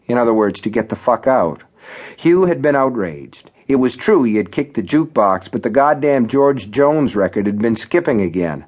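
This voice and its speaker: A man's voice: mid-range voice, animated, moderate pace, a little mellow. A man reading his own novel as an audiobook, narrating in a wry, conversational storytelling manner.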